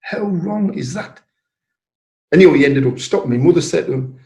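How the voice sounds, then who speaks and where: An older man with a North East English accent, telling a personal story in an interview and lively when acting out quoted voices. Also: on the high side, normal speed. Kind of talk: anecdotal storytelling. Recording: roomy echo.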